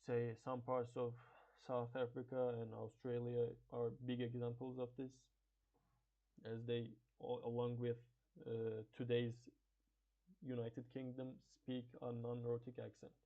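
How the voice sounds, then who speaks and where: Man, first language Turkish, halting class presentation, fillers and restarts, flat delivery, tinny phone-like sound. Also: mid-range voice.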